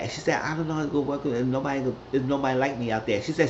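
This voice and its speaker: A man recapping a TV episode in a loose, rambling way, jumping into characters' lines with a raised, lively voice. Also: racing, highs cut off, slight background noise. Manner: rambling, acts out quotes with raised pitch. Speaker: recap host.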